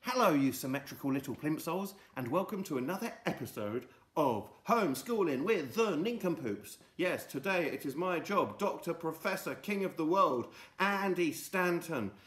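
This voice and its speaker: Mock-grand man in an echoey room. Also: a little high. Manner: mock-grand, silly, drawn-out delivery. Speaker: children's show host. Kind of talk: comic lesson for children. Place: home.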